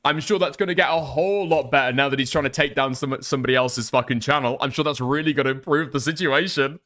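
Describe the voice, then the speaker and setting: A man's voice: medium pitch, fast, few pauses, sharp tone. A man streaming casual commentary on online drama, sarcastic and profane, reading messages aloud.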